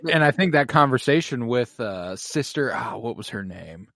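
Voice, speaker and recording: A man co-hosting a casual movie-discussion podcast, loose and profane, quick to react. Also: mid-range voice, expressive, gravelly, fairly bright tone, no echo, clean studio sound. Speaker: podcast co-host.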